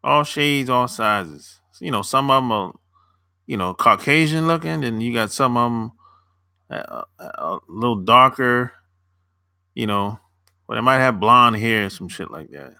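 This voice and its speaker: A man's voice: medium pitch, animated, a little slow, vocal fry, bright, forceful tone, dry recording, clean studio sound. A young man chatting loosely on a live stream, answering viewers as a dating coach, rambling and repeating himself with casual swearing.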